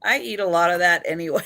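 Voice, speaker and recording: Hosting a live online photo sale, a woman chats giggly and laughs between what she says. Her low-sided voice is animated and fairly quick, creaky, pushed and bright.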